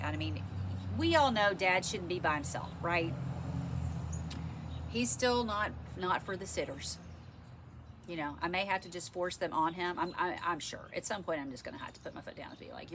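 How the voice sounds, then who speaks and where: A woman's voice: medium pitch, fairly bright tone, a little hiss or hum. A middle-aged woman with a stuffy, congested voice, chatting frankly and ramblingly to camera in a casual vlog. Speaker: vlogger.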